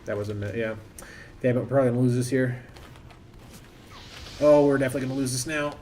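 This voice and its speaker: A man's voice: mid-range voice, fast talker, dark tone, slight background noise. A man streaming a game, chatting casually and thinking aloud in a rambling, self-interrupting way. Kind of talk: casual live-stream commentary.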